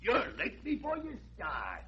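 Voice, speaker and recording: Menacing tough-guy fish, raspy and sharp, 1940s radio. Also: very high-pitched, huge pitch swings, measured pace, dull audio, full character voice. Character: tough male gangster fish fixer.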